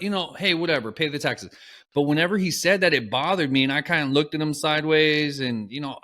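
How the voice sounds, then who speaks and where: A man, co-hosting a podcast from his apartment and telling stories in an animated, casual way with offhand swearing. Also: mid-range voice. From Texas. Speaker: podcast co-host. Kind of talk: casual storytelling chat. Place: apartment at home. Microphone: laptop call setup.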